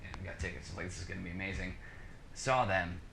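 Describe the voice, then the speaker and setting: A man's voice: sits low, quick pace, vocal fry. A man telling a story in a casual chat, acting out the dialogue in his own voice with lots of fillers. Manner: animated, acts out dialogue, many fillers. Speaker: podcast guest, musician. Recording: echoey room with background noise.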